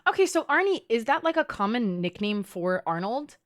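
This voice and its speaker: A woman's voice: on the high side, very animated, moderate pace. A woman in her twenties, a streamer chatting casually and playfully with her live chat, teasing and filling her talk with "like".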